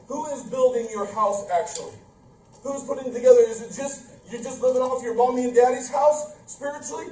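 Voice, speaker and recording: A male pastor delivers a fervent, emphatic sermon packed with rhetorical questions and humorous asides. His voice is very high-pitched yet dark in tone, captured from far off in an echoey indoor church sanctuary with faint room noise.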